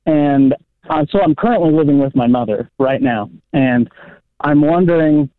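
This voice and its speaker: A man's voice: fairly high pitch, normal speed, no room sound. A man calling in to an advice show, answering agreeably with short replies. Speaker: caller. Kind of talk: phone call-in. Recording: tinny phone line.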